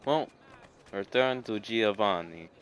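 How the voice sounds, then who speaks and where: Young dude rambling over gameplay, low voice, lots of likes and ums. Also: male voice, slow pace, fairly bright tone. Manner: rambling, filler-heavy, enthusiastic. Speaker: gaming video creator. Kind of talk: casual let's-play commentary.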